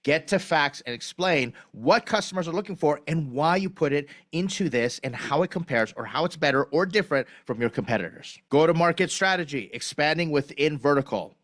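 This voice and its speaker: A man giving a blunt, direct critique of startup pitch decks over a video call recording, with lively emphasis. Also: fairly quick, few pauses. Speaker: pitch deck reviewer.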